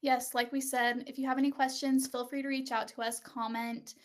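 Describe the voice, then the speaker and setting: A woman's voice: high voice, little pitch movement, a little fast. A woman co-hosting a casual marketing chat over a video call, speaking with many fillers like "um" and "like". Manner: filler-heavy, lots of "um" and "like". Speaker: co-host.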